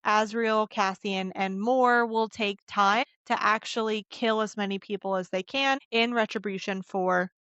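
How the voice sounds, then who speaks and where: A woman's voice: medium pitch, steady tone, unhurried, few pauses, fairly bright tone, clear, resonant tone, no echo, highs cut off. Woman podcaster musing through a book recap. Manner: conversational, muses aloud with open questions. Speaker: podcast host.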